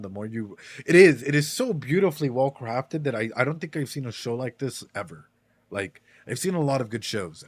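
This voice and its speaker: A man's voice: mid-range voice, a bit bright, no echo. Emphatic man in casual reaction chat. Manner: emphatic, repeats words, swears. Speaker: reaction show host.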